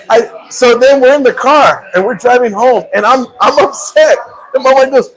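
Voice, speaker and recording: A man's voice: very high voice, moderate pace, low-quality recording. A man hosting a live stream from a restaurant, telling a story and acting out the voices of the people in it. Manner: animated storyteller, acts out quotes, laughs often. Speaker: show host.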